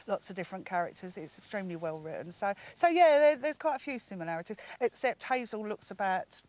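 A woman's voice: mid-range voice, very animated, fast. A middle-aged woman, an actress being interviewed, talking freely and poking fun at herself. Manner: talkative, warm and self-mocking. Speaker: actress guest. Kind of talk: chatty interview. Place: on location at a soap set.

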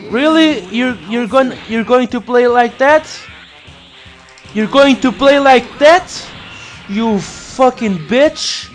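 A man commentating his own fighting game playthrough, excitable and profane, trash-talking his opponent. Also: very high-pitched. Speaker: gaming YouTuber. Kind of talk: let's play commentary. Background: faint game music.

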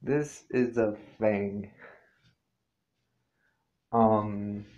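A man talks through a casual vlog with a low, gravelly voice. He rambles and swears freely and keeps circling back to correct himself. The recording is dull and lo-fi. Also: fairly even intonation, drawn-out words, darkish tone. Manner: rambling, loose and profane, with many fillers and self-corrections. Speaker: YouTuber answering a tag questionnaire.

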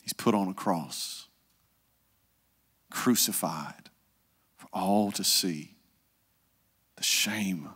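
A male pastor, preaching a conversational sermon and dropping to a hush for the solemn parts. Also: sits low, very slow, long pauses, breathy edge, in a large hall. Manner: conversational preaching, acts out quoted voices, drops to hushed tones.

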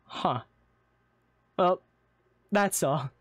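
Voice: mid-range voice, drawn-out words, husky, dry recording, clean studio sound. A streamer playing through a live game roleplay, stammering and rambling with lots of fillers. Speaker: streamer and player character.

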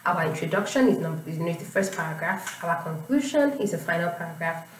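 Female exam tutor, lowish voice, patient explainer, sits back from the mic in an echoey room. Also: animated, fairly quick, far from the mic, a little hiss or hum. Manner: patient, repeats points with "you know" and "okay?". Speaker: IELTS teacher.

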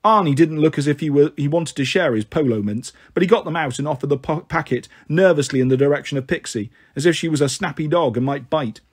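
Male storyteller, husky tone, pitched a touch high, voices the characters. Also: fast, few pauses. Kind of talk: reading a children's novel aloud.

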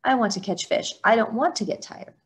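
A woman's voice: fairly high pitch, fairly quick, voice pushed up, close to an everyday voice. A woman voicing a greedy, lazy male spider trickster in a storybook reading, eager and whiny.

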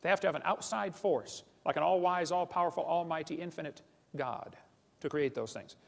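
Here the same kind of creationist lecturer sounds slightly high and creaky, rattling off a scornful lecture at rapid speed. Addressing the crowd condescendingly as boys and girls, he keeps dismissing ideas as stupid, with lecture-hall reverb around him.

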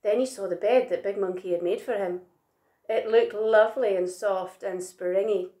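A woman reading a children's picture book aloud in an expressive, gentle way. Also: mid-range voice, normal speed. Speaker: storyteller. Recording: roomy echo.

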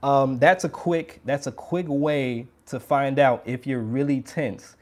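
A man's voice: mid-range voice, steady tone, slow pace, darkish tone. A man giving a casual trumpet lesson, talking straight to viewers in an upbeat, hands-on way. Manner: upbeat, demonstrates by putting on strained voices. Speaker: trumpet teacher.

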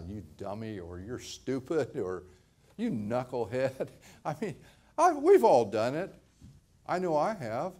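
A man's voice: medium pitch, dark tone. An older man, a pastor, preaching a sermon in a conversational way, often repeating words and laughing lightly.

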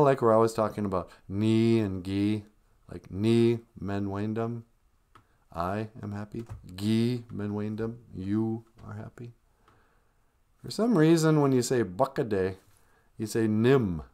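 A man's voice: on the low side, lively intonation, takes it slowly, darkish tone. Playful guy chatting on his live stream, voice jumps all over, middle-aged. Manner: playful, joking asides. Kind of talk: casual joking chat.

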